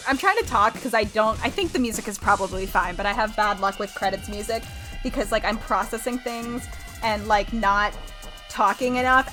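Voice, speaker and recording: A young woman streaming a game, reading the narration aloud and reacting excitedly in between. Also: mid-range voice.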